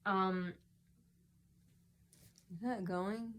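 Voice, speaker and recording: A woman's voice: mid-range voice, fairly even intonation, extremely slow. A woman vlogger telling a story in a casual, rambling monologue, full of ums and restarts, recorded indoors at home.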